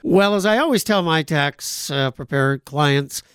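A man's voice: fairly high pitch, expressive, a little slow, a bit bright, clean tone, dry recording, studio quality. A man who is a tax professional, explaining in an earnest way with small restarts as a regular guest on a radio talk show.

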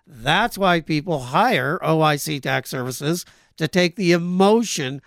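A man's voice: fairly high pitch, animated, unhurried, vocal fry, fairly bright tone, dry recording, studio quality. A man who is a tax professional, explaining in an earnest way with small restarts as a regular guest on a radio talk show.

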